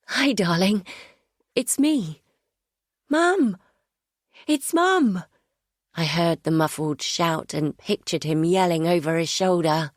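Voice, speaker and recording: Woman narrator, low voice, dry close recording, measured first-person thriller reading. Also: darkish tone, no echo. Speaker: audiobook narrator.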